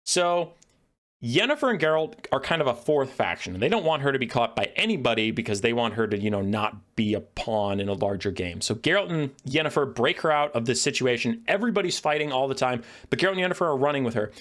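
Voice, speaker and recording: A man rants in a sarcastic, profane way, his mid-range voice swinging up and down with lively energy. He speaks as a video creator laying out a story and then tearing into it. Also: mid-range voice, fast talker. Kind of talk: lore rant.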